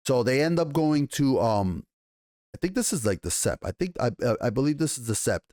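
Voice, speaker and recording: A man giving a casual, excited TV episode review, swearing often, restarting sentences and paraphrasing scenes in slangy voices. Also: medium pitch, normal speed, dry recording, clean studio sound. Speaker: TV show reviewer.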